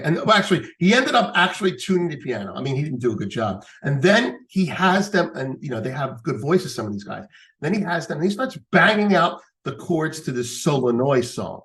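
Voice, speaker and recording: A man's voice: mid-range voice, fairly bright tone. A man guest on a podcast, telling a rambling story in casual chat, swearing now and then.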